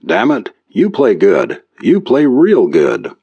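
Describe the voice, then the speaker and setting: A man's voice: medium pitch, huge pitch swings, slow, vocal fry, mellow, husky, muffled recording, voice pushed up, heavily acted. A man voicing a sore-losing businessman at cards, grumbling and snarling. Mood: grudging. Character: sore-losing businessman card player, gruff and grudging.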